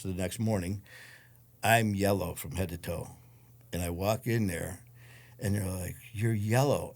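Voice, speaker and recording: Speaking in a low, darkish voice, a male interview guest tells his story in a casual interview. He's blunt and profane, and he acts out the voices of other people as he goes.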